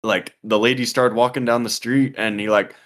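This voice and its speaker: A young man spins a long story on a casual podcast. He talks loosely, swears freely, and leans on "like" and "dude" at every turn. His voice sits at an ordinary middle pitch. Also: fairly even intonation, moderate pace, fairly bright tone. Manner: profane, rambling, heavy on "like" and "dude". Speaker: podcast co-host.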